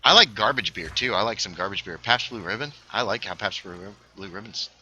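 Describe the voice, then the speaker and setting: A man's voice: fairly low pitch, animated, fast, low-quality recording. A young man casually chatting while streaming a game, a little tipsy, rambling with lots of fillers. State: slightly tipsy. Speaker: livestreamer. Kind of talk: casual gaming stream chat.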